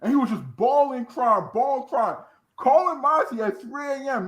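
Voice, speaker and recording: A man's voice: extremely high pitch, very animated, normal speed, fairly bright tone, rough recording. A man hosting a podcast in a casual chat, teasing and joking with a profane streak. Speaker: podcast host.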